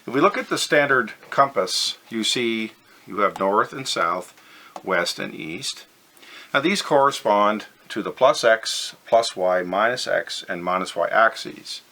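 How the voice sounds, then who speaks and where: A man's voice: fairly low pitch, lively intonation, a little slow, pushed and bright. A man teaching a physics lesson over slides, methodical and step by step, stressing the key words.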